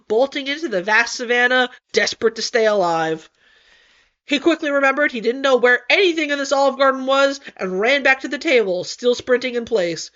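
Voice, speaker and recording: A woman narrating a fan-written story as an audiobook, with an expressive, comic delivery. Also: high voice. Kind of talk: audiobook fanfic reading. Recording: dull lo-fi recording.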